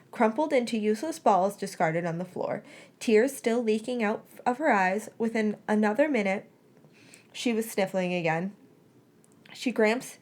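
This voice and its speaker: A woman at a middle pitch reading a story aloud for a podcast. Her delivery is plain and steady, with the odd small slip that she corrects. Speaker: podcast reader. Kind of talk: reading fan fiction aloud.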